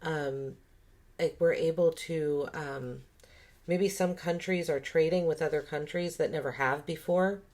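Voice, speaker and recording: A woman's voice: low-pitched, steady tone, unhurried, darkish tone. A woman giving a casual tarot reading, thinking aloud and musing with many fillers and restarts. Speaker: tarot reader.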